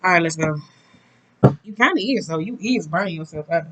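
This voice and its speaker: A woman's voice: lowish voice, lively intonation, fairly quick, a bit bright, slight background noise, rough recording. Chatty, profane woman reading tarot. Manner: loose, profane, chatty, thinking aloud. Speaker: tarot reader. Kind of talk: casual tarot reading monologue.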